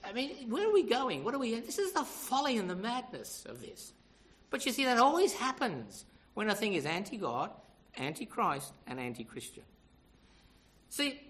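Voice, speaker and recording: A man's voice: high voice, wildly swooping pitch, moderate pace, a bit bright. An older man preaching a sermon, emphatic and conversational, often asking the congregation rhetorical questions.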